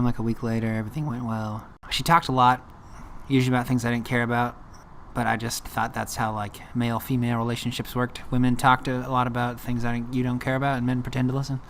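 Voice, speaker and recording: A man's voice: medium pitch, a little hiss or hum. A young man from California casually telling a story about himself, self-deprecating and rambling with fillers.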